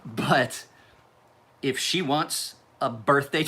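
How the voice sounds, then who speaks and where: A man's voice: mid-range voice, lively intonation, normal speed, pushed and bright. A man hosting a casual live stream, rambling, laughing often and swearing freely.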